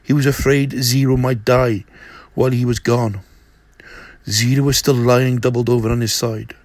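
A man reading a novel aloud in a slow, steady way, with an occasional slip. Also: medium pitch, no echo. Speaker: narrator.

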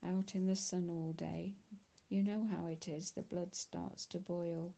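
A woman reading a glib teenage boy ringleader in an audiobook. He smooths things over persuasively, and the voice is gravelly and dark. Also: lowish voice, level tone, unhurried. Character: smooth-talking teenage boy gang leader.

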